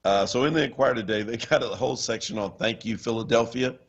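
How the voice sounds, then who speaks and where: A man co-hosting a talk radio show, animated and laughing often as he talks. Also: medium pitch, fast. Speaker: radio co-host. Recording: dull lo-fi radio stream.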